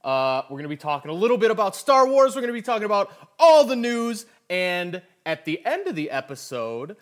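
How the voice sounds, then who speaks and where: A man co-hosting a podcast in casual chat, animated, laughing easily and restarting his sentences. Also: high-pitched, fairly quick. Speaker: podcast co-host.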